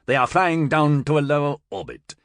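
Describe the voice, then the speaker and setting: A man voicing a solemn male master general who gives measured commands. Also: a little high, lively intonation, a bit bright, no room sound, voice pushed up. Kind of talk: audiobook character voice.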